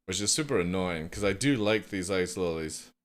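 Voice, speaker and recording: A man's voice: low-pitched, animated, moderate pace. Chatty young man streaming. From United Kingdom. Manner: rambling, chatty, swears casually, reads chat aloud. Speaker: live streamer. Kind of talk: casual chat with viewers.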